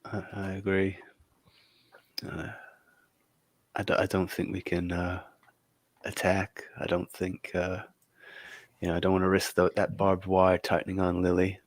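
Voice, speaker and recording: A man's voice: low voice, completely flat delivery, normal speed, long pauses, no room sound. A man playing a tabletop game, weighing options aloud and hesitantly repeating words. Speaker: player. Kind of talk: casual tabletop play.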